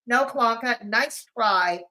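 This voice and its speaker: A woman's voice: fairly high pitch, takes it slowly, bright, forceful tone, rough recording. A woman hosting a live-stream, commenting on clips in a sarcastic, mocking way. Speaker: commentary channel host.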